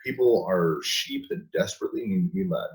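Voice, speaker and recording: Low-ish guy giving a casual interview, keeps repeating himself, laughs here and there. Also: lively intonation, a little fast, rough recording. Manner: emphatic, restarts often, repeats words. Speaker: guest.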